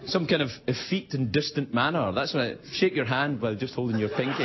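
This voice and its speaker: A man's voice: medium pitch, big pitch swings, fast talker, few pauses, heavy background noise. A man, a late-night talk show host, delivering a jokey stand-up monologue and acting out voices in the quotes. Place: television studio with live audience. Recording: dull broadcast audio with loud audience. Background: audience laughter.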